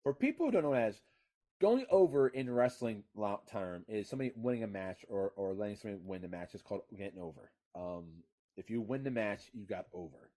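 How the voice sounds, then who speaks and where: A man co-hosting a casual wrestling chat, swearing freely, whose voice climbs high and loud when he gets worked up. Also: expressive, fast talker. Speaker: podcast co-host.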